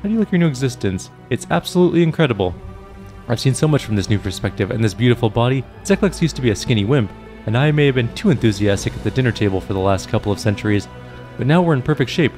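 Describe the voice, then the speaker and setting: A man voicing a merged two-headed male demon arena master who flips between gleeful gloating and shrill, indignant ranting. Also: lively intonation, quick pace, a little mellow, soft background music, lightly acted.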